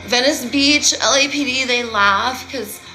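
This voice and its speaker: A woman rambles through a theatrical live-stream monologue, playful and dramatic, dropping to near-whispers and then swelling again. Her voice is bright and forward, with faint music underneath. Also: high-pitched, measured pace, rough recording. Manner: rambling, playful, dramatic, swings between loud and hushed. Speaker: self-styled healer and live streamer.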